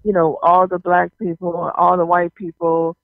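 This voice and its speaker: High gravelly man on a tinny line. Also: normal speed, no room sound. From Southern US, New Orleans area. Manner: animated, laughing, heavy on fillers like "you know". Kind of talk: casual storytelling on a talk show. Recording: tinny phone-like sound.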